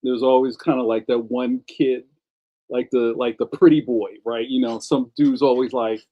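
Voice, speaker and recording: A cartoonist hosts a casual livestream, spinning rambling, slang-heavy stories, laughing often, and reading viewer comments out loud. His mid-range voice is delivered flatly at normal speed, and the recording's highs are cut off.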